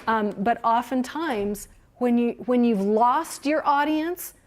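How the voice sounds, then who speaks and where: A woman leading a training workshop for museum guides, lively and encouraging, who laughs often as she teaches. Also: fairly high pitch, slow.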